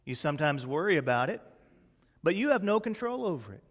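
A man's voice: a little high, very animated, big-room sound. Man preaching. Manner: preaching with slow emphatic pauses, dropping to a hush at key lines. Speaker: pastor. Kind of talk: sermon.

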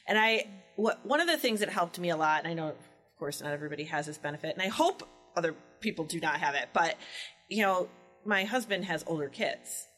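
A woman's voice: lowish voice, fairly quick, soft background music. A woman in her forties chatting casually, telling a parenting story and acting out the quotes. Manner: animated storyteller, acts out quotes. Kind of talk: casual chat.

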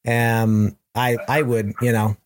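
Guy hosting, middle pitch, excited but kinda stumbly, dry close sound. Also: no room sound. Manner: warmly enthusiastic, halting with restarts. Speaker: host. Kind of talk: casual conversation.

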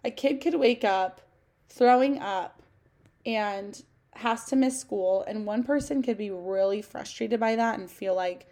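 A woman's voice: medium pitch, unhurried, dark tone. A woman hosting a podcast, talking casually and coaching her listeners, often checking in with "okay?" and acting out sample thoughts. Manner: acts out sample thoughts in quotes. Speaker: podcast host. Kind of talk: casual solo podcast talk.

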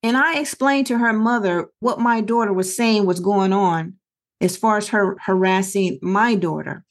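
A woman's voice: medium pitch, normal speed. A middle-aged woman co-hosting a podcast, telling a story in an earnest, conversational way and acting out the other people's lines. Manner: earnest storytelling with quoted dialogue. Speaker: podcast co-host.

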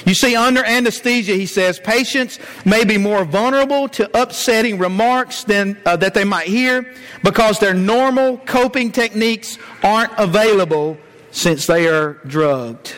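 A man's voice: sits high, normal speed, a bit bright. A man from Georgia, preaching a sermon in a folksy, storytelling way, with many "uh" fillers. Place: church sanctuary. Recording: long church reverb.

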